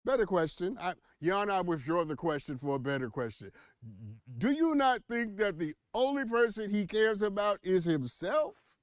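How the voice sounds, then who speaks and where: A man hosting an opinionated news commentary show, teasing and animated, full of rhetorical questions and playful asides. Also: high voice, moderate pace, clear, resonant tone, no room sound, studio quality.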